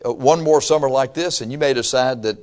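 A man from Michigan delivering a church sermon. He preaches in a folksy, animated way, mixing joking asides with earnest teaching. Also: medium pitch, a little fast. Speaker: pastor.

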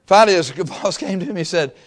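A man's voice: high voice, fast. Man preaching a conversational sermon. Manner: conversational preaching, acts out dialogue in quotes. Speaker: pastor. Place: church sanctuary.

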